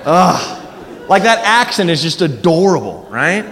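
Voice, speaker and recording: A man's voice: high voice, big pitch swings, unhurried. A man doing a rambling, self-mocking stand-up routine on a comedy club stage. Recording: echoey live club, crowd noise.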